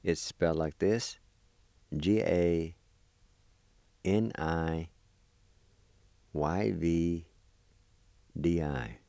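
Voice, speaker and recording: Male language teacher, low and mellow, slow deliberate delivery, dry close recording. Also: steady tone, no room sound. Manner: slow, deliberate, repeats each word. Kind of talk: slow spelling and pronunciation lesson.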